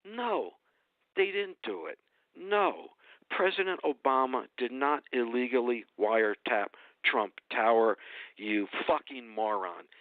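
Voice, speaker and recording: A man's voice: mid-range voice, lively intonation, unhurried, no room sound. A man giving a heated, indignant political rant as a radio guest, hammering points with repetition. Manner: indignant, emphatic, repeats phrases for effect. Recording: dry tinny phone line.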